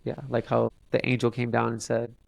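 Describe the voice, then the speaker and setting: A young man, a podcast guest, telling a long story in a halting way with many fillers and restarts. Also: medium pitch, completely flat delivery, vocal fry, a little mellow. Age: young adult. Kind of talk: casual storytelling interview.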